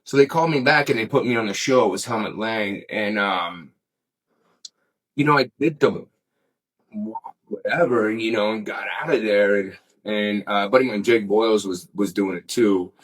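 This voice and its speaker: A man's voice: fairly low pitch, normal speed, rough recording. A middle-aged man telling a story as an interview guest in casual, rambling talk, swearing freely and saying "man" often. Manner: rambling, laid-back, peppered with "man" and swearing.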